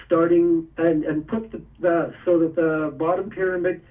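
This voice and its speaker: A man's voice: fairly high pitch, little pitch movement, normal speed, recorded from a distance, phone-quality sound. A man being interviewed, explaining step by step with a few chuckles. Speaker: guest, energy tool maker. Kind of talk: casual interview.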